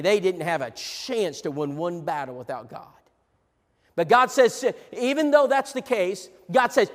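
A man with a high voice preaches a sermon. He moves between ringing, raised proclamation and low, quiet asides. The sound carries the long reverb of a large church hall. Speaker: pastor.

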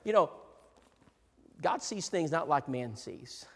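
Middle-aged male preacher with a high voice, hushed then rousing, in a reverberant hall. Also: animated, slow pace, slightly rough. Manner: emphatic, repetitive, swings between hushed and rousing. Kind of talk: sermon. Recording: long reverb in a large hall.

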